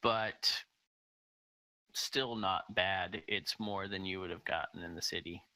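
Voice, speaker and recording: A man running a tabletop game, narrating in a relaxed way with plenty of ums and uhs. His voice is low-pitched and unusually bright, and he talks slowly. The recording is close and dry. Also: no echo, rough recording. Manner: relaxed, filler-heavy narration. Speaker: game master.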